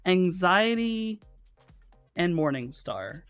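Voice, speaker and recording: A woman running a tabletop game as game master, narrating the action in a loose, profane way with many pauses. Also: lowish voice, very animated, clear, resonant tone, faint music behind. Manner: loose and profane, halting with fillers.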